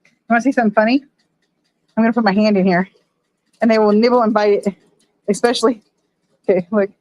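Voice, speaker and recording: A woman's voice: mid-range voice, fairly even intonation, fast, a little mellow, no echo, low-quality recording. A woman live-streaming from her phone at home, swearing and grumbling at her equipment while she shows her fish tanks to the chat. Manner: frustrated, swears a lot, talks to chat. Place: home room with aquariums.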